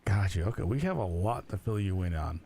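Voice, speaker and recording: Gravelly low-voiced man, rambling roleplay chat. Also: lively intonation, warm tone. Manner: rambling, halting, full of fillers. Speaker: roleplay streamer.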